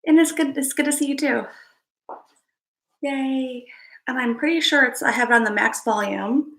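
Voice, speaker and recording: A woman chats on a casual livestream, her voice sitting a little high. She is out of breath and keeps stopping to repeat herself and ask whether her viewers can hear her. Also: moderate pace, creaky, a bit bright. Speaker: psychic livestream host.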